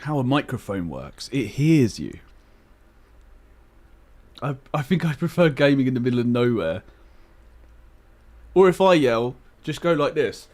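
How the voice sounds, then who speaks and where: A man's voice: medium pitch, sing-song, a little slow, long pauses, darkish tone. A man hosting a livestream, chatting casually and bluntly, laughing easily and swearing now and then. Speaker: livestream host. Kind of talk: casual chat. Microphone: headset.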